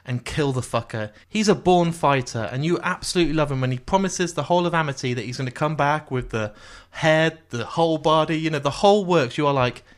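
A man's voice: a little high, brisk, hardly any pauses. A man, co-hosting a podcast and talking films with playful enthusiasm. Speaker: podcast co-host. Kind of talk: casual film chat.

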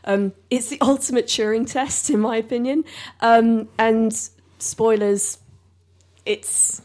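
A woman's voice: a little high, fairly even intonation, slow, darkish tone. A woman co-hosting a casual podcast chat, chatty with frequent hesitations. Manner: chatty, many "um"s, laughs. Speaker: podcast co-host.

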